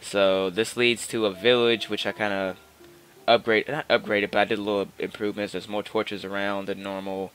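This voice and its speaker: His lowish voice stays fairly flat in pitch and moves at normal speed, sounding a bit bright, clear, and resonant. The gaming host rambles casually over gameplay into a personal microphone, often restarting and using fillers.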